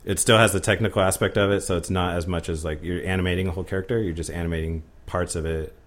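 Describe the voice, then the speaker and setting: Low-voiced man telling work stories. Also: steady tone, fast talker. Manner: easygoing storyteller, quotes others in his anecdotes. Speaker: guest. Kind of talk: casual chat.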